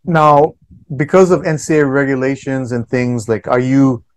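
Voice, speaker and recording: A friendly man hosts a relaxed radio interview. He poses long, meandering questions and chuckles now and then, with a voice of ordinary male pitch. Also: moderate pace. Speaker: radio show host, interviewer.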